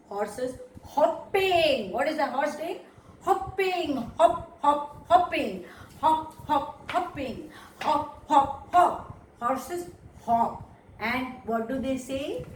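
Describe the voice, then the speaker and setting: A woman teaching young children about animals, talking in a slow, emphatic, sing-song way. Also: on the high side, echoey room, distant mic, slight background noise, low-quality recording.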